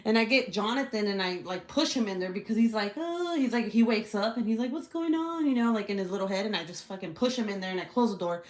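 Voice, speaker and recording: A woman's voice: quick pace, few pauses. Woman host, casual swearing storyteller, loves to act out quotes and laugh. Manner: animated, swears freely, acts out quotes with big pitch jumps; laughs often while telling the story. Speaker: channel host.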